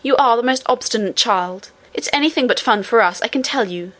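A woman's voice: fairly high pitch, fairly quick. A woman voicing a frightened, angry nurse scolding a child. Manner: sharp and scolding.

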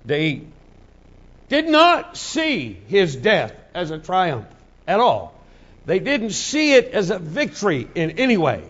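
Dramatic preacher with a high male voice. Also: huge pitch swings, slow pace, muffled recording. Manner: dramatic, swings from hushed to shouting. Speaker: pastor. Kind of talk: sermon.

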